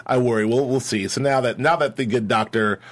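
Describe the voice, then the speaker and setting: A man hosting a casual podcast chat, animated and repeating words as he thinks. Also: medium pitch, fairly quick. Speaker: podcast host. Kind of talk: casual chat about a TV series.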